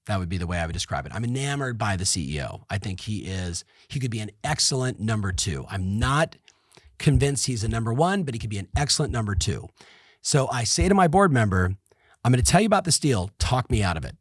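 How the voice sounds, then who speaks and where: A middle-aged man hosting a podcast, giving an energetic motivational business talk that repeats points and speaks straight to listeners. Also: lowish voice, fairly quick, no room sound, clean studio sound. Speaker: podcast host and business coach.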